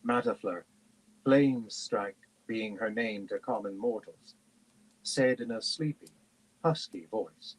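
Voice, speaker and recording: A man reads a fantasy novel aloud at a steady, measured pace. His voice sits fairly low and sounds husky. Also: low-quality recording. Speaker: reader.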